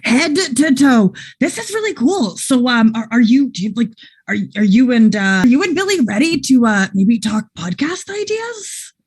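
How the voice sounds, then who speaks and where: A woman playing a tabletop game in character, excitable and tripping over her words. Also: high-pitched, moderate pace, slightly rough. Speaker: player.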